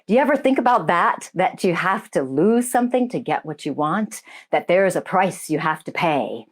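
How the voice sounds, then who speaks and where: A woman's voice: fairly low pitch, animated, moderate pace. Chatty woman hosting a spiritual show. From United States. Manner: chatty, greets viewers by name, laughs easily. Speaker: radio show host, medium and life coach. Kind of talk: casual spiritual talk to a live audience.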